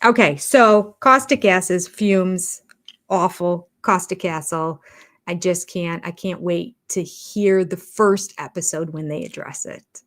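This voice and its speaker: A middle-aged woman hosts a casual live-stream chat reviewing reality TV, candid and talkative, cutting herself off mid-sentence and laughing at herself. Her voice sits on the low side, with a slow delivery and a fairly bright tone.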